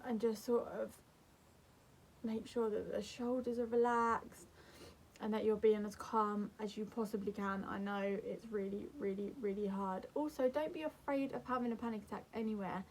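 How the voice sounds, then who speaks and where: A young woman vlogger giving calm, earnest advice to camera in a gentle, soothing way. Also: medium pitch. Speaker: mental health vlogger.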